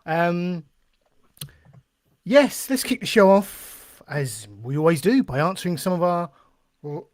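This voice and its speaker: Wry podcast co-host, dry sound. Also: male voice, sits high, lively intonation, no room sound. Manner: easygoing and wry, quick asides. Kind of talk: casual chat, reading listener questions.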